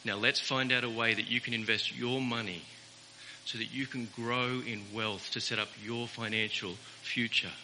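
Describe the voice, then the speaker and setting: A man's voice: mid-range voice, fairly even intonation, moderate pace, pushed and bright. A man preaching a sermon as pastor, earnest and emphatic, repeating key words for weight. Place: church. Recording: reverberant church hall with faint hiss.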